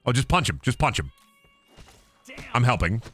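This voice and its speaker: Young male game streamer, goofy and jokey, lively bright voice, dry close sound. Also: medium pitch, normal speed, faint music behind. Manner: goofy, jokey, often putting on silly voices. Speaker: gaming streamer. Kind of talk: playful stream commentary.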